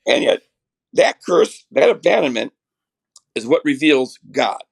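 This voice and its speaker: A middle-aged man with a raspy voice from a chest cold, earnestly explaining theology as a podcast guest, restarting his sentences often. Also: mid-range voice, expressive, measured pace. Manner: earnest, builds ideas with many restarts.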